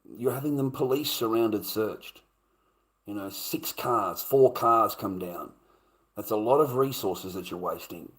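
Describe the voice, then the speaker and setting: A man's voice: on the low side, unhurried. An Australian man livestreaming, ranting in a blunt, profane way and repeating his points. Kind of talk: casual live stream rant.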